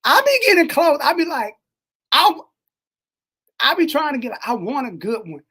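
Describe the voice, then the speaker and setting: A man co-hosting a podcast in casual chat, animated and slangy, swinging between loud and soft. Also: extremely high pitch, moderate pace. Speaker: podcast co-host. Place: Texas.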